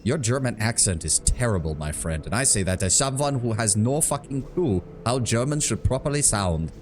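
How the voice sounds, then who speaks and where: A man's voice: fairly low pitch, lively intonation, moderate pace, a little hiss or hum. A man streaming a video game, chatting casually and wryly, swearing and thinking aloud about the game's rules. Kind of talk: casual let's-play commentary.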